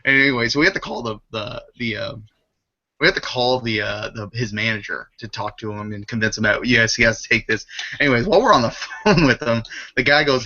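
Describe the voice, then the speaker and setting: Laughing man, bright voice. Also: medium pitch, a little fast. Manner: laughing storyteller. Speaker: podcast co-host. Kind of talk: casual chat. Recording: dull lo-fi webcast audio.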